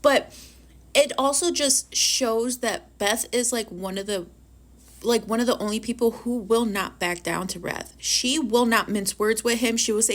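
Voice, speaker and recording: A woman reviewing a TV episode in a casual vlog. She rants in an animated, profane way and fills her speech with "like". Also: a little high, a little slow. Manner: filler-heavy with frequent "like". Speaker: book reviewer.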